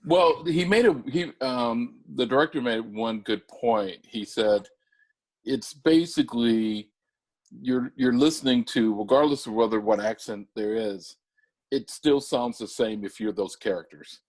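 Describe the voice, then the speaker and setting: A man's voice: medium pitch, unhurried, a little mellow. An American man co-hosting a casual podcast, thinking aloud with restarts. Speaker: podcast co-host. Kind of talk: casual chat.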